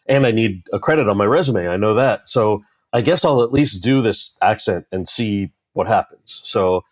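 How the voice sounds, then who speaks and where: A man with a lowish voice, speaking at a normal pace, tells an animated story as a guest in an interview. He is an actor and voices the people in the anecdote in character, and the recording is dry.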